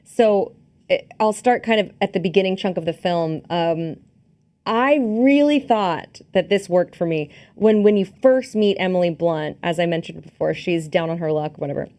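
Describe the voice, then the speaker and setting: A woman's voice: lowish voice, moderate pace, a little mellow. A woman co-hosting a podcast, recapping a film in casual chat and acting out its scenes. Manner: chatty, acts out scenes and quotes, many fillers and restarts. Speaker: podcast co-host. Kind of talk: casual movie review chat.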